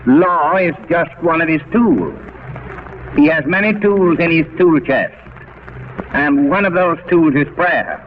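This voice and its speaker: A male preacher delivers a radio sermon in a fairly high voice. He speaks deliberately and rhetorically, repeating words for emphasis. The recording is dull and carries a faint hiss. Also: lively intonation.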